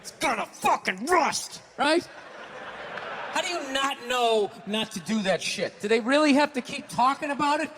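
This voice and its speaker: Ranting comedian with a high, sharp voice. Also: male voice, expressive, moderate pace, a little hiss or hum. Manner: ranting, profane, bursts into shouts. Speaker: stand-up comedian. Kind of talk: stand-up comedy routine. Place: large venue on stage. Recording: hall reverb with faint ambience.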